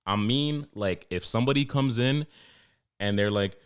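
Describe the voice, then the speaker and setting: A young man, hosting a podcast and ranting in a profane, animated way, acting out his customers. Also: mid-range voice, measured pace, clean tone. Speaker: podcast host and barber. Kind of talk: casual solo podcast rant.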